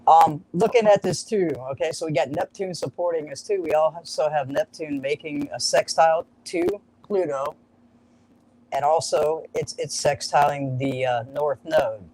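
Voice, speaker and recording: A man's voice: a little high, fairly even intonation, moderate pace, a little mellow, slight background noise, poor audio. Upbeat man explaining an astrology chart. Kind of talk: live-streamed chart explanation.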